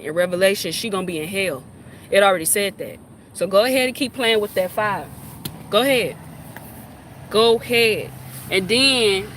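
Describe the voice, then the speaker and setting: A woman's voice: medium pitch, sharp tone. A woman in a heated, scolding rant to camera, repeating her points for emphasis. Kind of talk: ranting monologue to camera. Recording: faint street noise outdoors.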